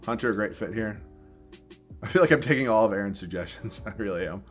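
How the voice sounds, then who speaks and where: A man's voice: lowish voice, quick pace, faint music behind. A young man from southern Massachusetts streaming live, chatting casually, thinking aloud and laughing as he reads viewer chat.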